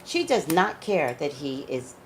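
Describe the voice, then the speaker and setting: A chatty woman with a fairly low voice that swings widely up and down as she talks. She is a psychic tarot reader speaking casually and emphatically to her viewers, saying "like" often. A faint hiss of background noise sits under her voice. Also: a little slow, low-quality recording. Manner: chatty, animated, says "like" a lot. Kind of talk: casual chat to camera.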